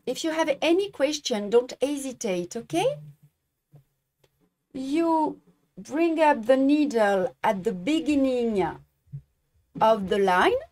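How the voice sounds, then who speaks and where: A woman from France with a French accent, a native French speaker, teaching embroidery in a live-streamed tutorial and often halting to search for English words. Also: sits high, expressive, a little mellow.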